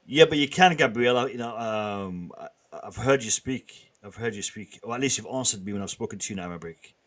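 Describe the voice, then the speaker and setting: A man hosting a casual live stream, bantering with the chat in a lively way and often restarting his sentences. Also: fairly low pitch, brisk. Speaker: livestream host.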